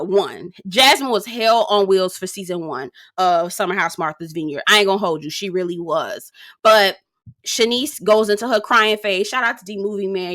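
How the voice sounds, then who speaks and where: A woman's voice: mid-range voice, fairly bright tone. A young woman casually recapping a reality show, sassy and profane, with dramatic asides.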